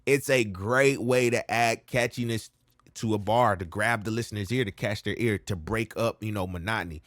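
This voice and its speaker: A man's voice: lowish voice, normal speed, fairly bright tone, no room sound, studio quality. A man giving a laid-back, slangy rap coaching lesson, often checking in with "all right?". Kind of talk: casual music lesson with rap demos.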